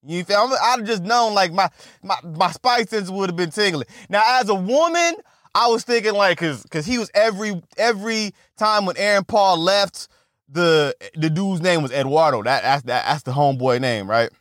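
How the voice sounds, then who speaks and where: A man retelling a film plot in casual, profane, animated talk, often stammering and repeating himself. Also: high-pitched, moderate pace, dry recording, studio quality. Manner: animated, repetitive, swears constantly, stammers on restarts. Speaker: movie recap vlogger.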